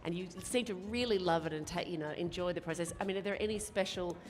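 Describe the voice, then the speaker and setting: A woman hosting a live stage Q&A, bubbly and quick to laugh. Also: on the low side, big-room sound. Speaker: host.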